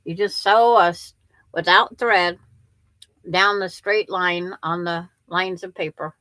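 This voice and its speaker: Slow, bright-voiced grandmother chatting. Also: lowish voice, steady tone, dry recording. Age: older. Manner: chatty, rambling, restarts sentences. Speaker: quilting livestream host. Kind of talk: casual livestream chat with viewers.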